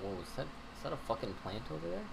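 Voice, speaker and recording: A man's voice: mid-range voice, big pitch swings, rapid-fire, creaky, very noisy. A man co-hosting a casual let's play, joking, swearing and reading quest text aloud. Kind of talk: casual gaming chat.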